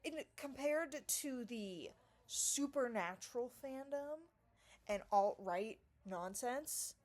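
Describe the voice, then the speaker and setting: A woman with a voice pitched a bit high delivers a sarcastic, profane rant straight to camera. She lurches between loud, theatrical outbursts and low, muttered asides. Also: expressive, takes it slowly. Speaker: vlogger. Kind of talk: ranting monologue to camera.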